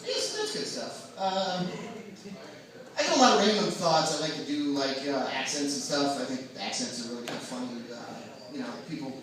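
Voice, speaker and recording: A man's voice: medium pitch, fairly quick. A young man doing a rambling, self-deprecating stand-up set at a bar open mic, full of fillers and restarts. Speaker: stand-up comic. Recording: echoey bar room from far off, crowd.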